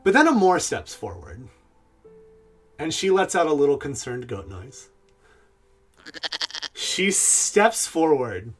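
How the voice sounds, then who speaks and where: A man narrating as game master of a tabletop game, relaxed and dotted with pauses. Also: on the high side, husky, faint music behind.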